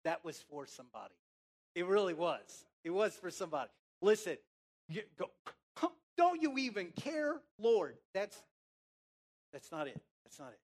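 A preacher addresses a congregation with emphatic, drawn-out phrasing that swings between loud calls and hushed lines. They pose questions to the listeners and have them repeat key words. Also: mid-range voice, animated. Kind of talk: sermon.

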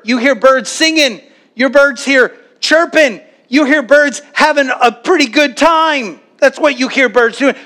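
A man preaching a sermon to a church congregation, animated, now and then acting out worried voices. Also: very high voice. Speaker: pastor.

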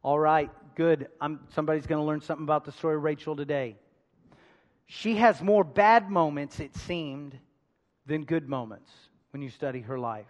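Male pastor, sermon, high-pitched voice, emphatic call-and-response, long echoing hall reverb. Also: normal speed. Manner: call-and-response preaching to a congregation; emphatic, swinging between loud and hushed. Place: large church hall.

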